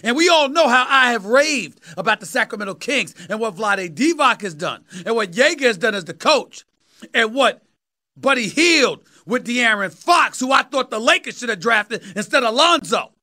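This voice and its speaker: A New man in his fifties holding forth as a sports talk host, his voice pitched unusually high and ringing bright and forceful. He preaches his points emphatically, hammering them home by repeating phrases. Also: very animated, normal speed. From New York City. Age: 50s. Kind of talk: sports commentary monologue.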